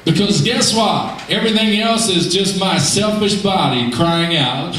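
Emphatic high-voiced preacher, recorded from a distance in a booming hall. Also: male voice, a little slow, a little hiss or hum. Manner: animated, emphatic, shifting between shouts and low asides. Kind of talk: sermon. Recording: echoey hall, heard from far off.

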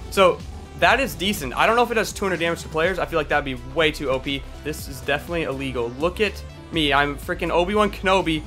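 A young gaming YouTuber commentates over his own gameplay, hyped and exclamatory, tossing in quick asides. His voice is on the high side with a sharp tone.

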